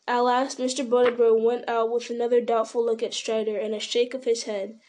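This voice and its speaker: Woman narrator, storybook reading, steady delivery, fairly high voice. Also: brisk, few pauses.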